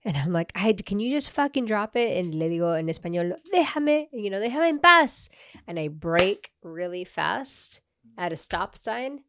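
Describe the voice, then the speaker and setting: A young woman co-hosting a podcast, telling a story in animated, casual talk and acting out quotes. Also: on the low side, normal speed. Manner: animated, swears, acts out quotes, laughs often. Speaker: podcast co-host.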